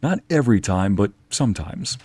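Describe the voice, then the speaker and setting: A man's voice: fairly low pitch, expressive, normal speed, darkish tone, breathy edge, no echo. A man streaming a video game, chatting casually with viewers and answering their messages, sometimes slipping into Spanish phrases. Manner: chatty, reads and answers chat aloud, drops into Spanish phrases.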